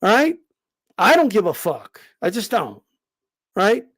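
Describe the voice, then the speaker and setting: A man's voice: sits high, big pitch swings, unhurried, a bit bright, breathy edge. A man, a boxing commentator, ranting heatedly, full of swearing, with emphatic repeated "all right?" checks. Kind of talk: heated rant.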